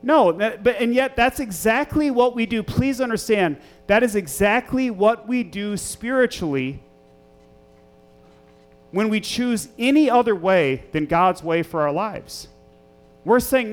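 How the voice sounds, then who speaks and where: A man's voice: high-pitched, animated, measured pace. A male pastor reading scripture aloud and preaching in a church, earnest and emphatic, repeating key phrases and asking the congregation rhetorical questions. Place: church sanctuary.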